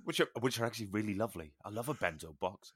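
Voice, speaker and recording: A man's voice: on the low side, animated, quick pace, a bit bright, husky. A British man co-hosting a podcast, telling anecdotes with mock-outraged banter. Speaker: podcast co-host. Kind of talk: casual comedic chat.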